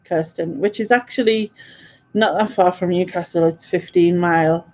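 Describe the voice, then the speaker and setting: Woman, northeast english accent, casual live chat, dark mellow tone, dull lo-fi sound. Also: fairly low pitch, normal speed. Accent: Northeast English (Sunderland). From Sunderland, northeast England. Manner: chatty, rambling, laughs often. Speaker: live-stream host reading chat.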